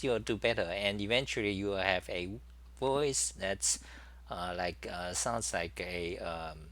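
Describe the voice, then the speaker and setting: A man's voice: on the low side, bright, forceful tone. A man hosting his own talk show in a casual, rambling monologue, full of fillers and restarts.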